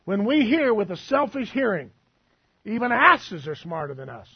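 A man's voice: high voice, very animated, fairly quick, husky, dull audio. A man preaching a sermon as pastor, folksy and full of asides and humor.

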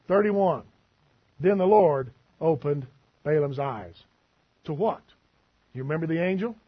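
Folksy preacher man, husky voice. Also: high-pitched, muffled recording. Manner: folksy, preachy, with asides and humor. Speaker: pastor. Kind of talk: sermon.

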